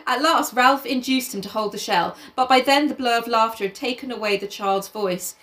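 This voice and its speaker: A woman's voice: a little high, normal speed, fairly bright tone. A young woman, reading a novel aloud in a casual chat, often laughing and breaking off to swear and comment.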